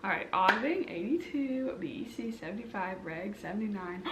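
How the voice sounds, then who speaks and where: A woman's voice: mid-range voice, expressive, moderate pace. A woman in her twenties vlogging casually, chatty and rambling, with light self-mocking laughs. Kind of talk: casual vlog chat to camera. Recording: echoey room with faint background hum.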